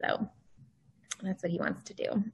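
A woman in her thirties, a guest on a podcast, chatting casually and laughing at herself. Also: measured pace. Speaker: guest, author. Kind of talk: casual chat.

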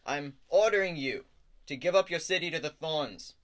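A man voicing a self-important male troop leader who keeps repeating his own title in a loud, proclamatory way. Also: a little high, normal speed, voice pushed up, close to an everyday voice. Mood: pompous. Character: pompous human male troop leader in garish noble clothes.

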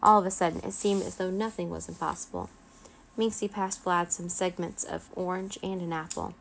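A woman reading a children's chapter book aloud as a bedtime story, in a gentle, expressive way. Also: lowish voice, normal speed, creaky, a little hiss or hum.

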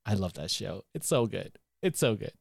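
A man's voice: on the low side, sing-song, moderate pace, creaky, breathy edge, no echo, clean studio sound. A man co-hosting a podcast, talking casually and enthusiastically, sometimes humming tunes. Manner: enthusiastic, playful, hums theme tunes. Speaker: podcast co-host. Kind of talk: casual chat.

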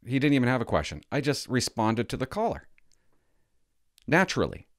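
A man's voice: medium pitch, huge pitch swings, fairly quick, no room sound, clean studio sound. An older retired man rambling casually to his camera, stumbling over words and swearing now and then. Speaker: retired vlogger playing hotline calls.

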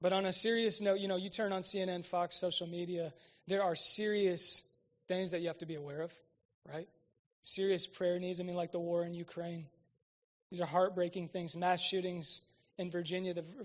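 Young man, pastor, sermon, conversational, keeps checking in with listeners, fairly high voice, slightly muffled recording. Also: fairly bright tone.

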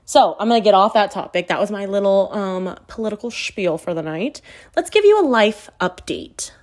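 Thirties woman, podcast host, animated confessional storyteller who pokes fun at herself. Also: mid-range voice, normal speed. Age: 30s. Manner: animated, candid, self-mocking storytelling. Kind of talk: casual confessional chat.

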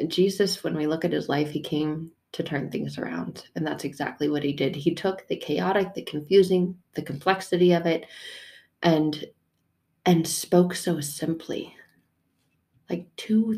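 A woman's voice: low voice, warm tone. A woman hosting a casual faith podcast, talking candidly and animatedly, swearing freely and laughing often. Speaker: podcast host.

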